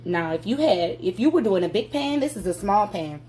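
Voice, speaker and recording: A woman's voice: mid-range voice, expressive, fairly quick, warm tone, slight background noise. A woman chatting through a cooking demonstration in her home kitchen, folksy and addressing viewers directly. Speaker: cooking vlogger.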